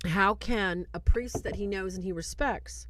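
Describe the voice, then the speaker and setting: A woman hosting a film review show, casually retelling scenes in an animated, conversational live-stream style. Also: mid-range voice, unhurried, a little hiss or hum.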